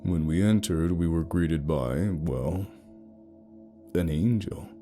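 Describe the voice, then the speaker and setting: A man's voice: low voice, slow, warm tone, faint music behind. A man narrating a first-person romance horror story in a wry, sarcastic storytelling manner.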